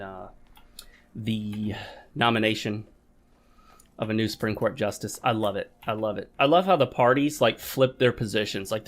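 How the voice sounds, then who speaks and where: A man hosting his own gaming channel, talking to viewers in a rambling, chatty way while he plays at his home desk. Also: mid-range voice. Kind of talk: casual gameplay commentary.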